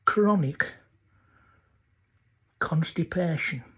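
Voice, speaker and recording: A man with a North Yorkshire accent voicing an old countryman confiding, deadpan, about his wife. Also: a little high, drawn-out words, breathy edge, full character voice.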